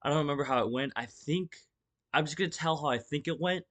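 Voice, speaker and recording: A young man with a voice pitched a little high talks straight to camera in a casual storytime vlog. He rambles, restarts his sentences and leans on fillers, swearing freely. He acts the story out with his body as he goes. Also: quick pace, a bit bright. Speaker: vlogger.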